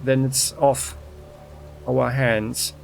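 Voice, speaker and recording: A man hosting a let's play, giving relaxed game commentary and reading game text aloud. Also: mid-range voice, drawn-out words, vocal fry, faint music behind. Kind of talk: casual gameplay commentary.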